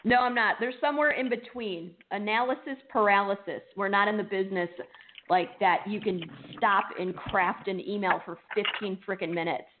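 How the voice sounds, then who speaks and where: A blunt woman co-hosting a talk show about recruiting. Her voice sits in a middle pitch and stands firm when she disagrees. The audio is narrow and phone-like. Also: normal speed, slight background noise. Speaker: recruiter and co-host. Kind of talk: casual chat.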